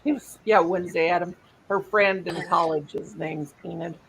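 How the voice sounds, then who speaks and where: A woman's voice: lowish voice, fairly even intonation, normal speed, gravelly, a bit bright, slight background noise, low-quality recording. A woman hosting a casual live stream, rambling and trailing off mid-sentence.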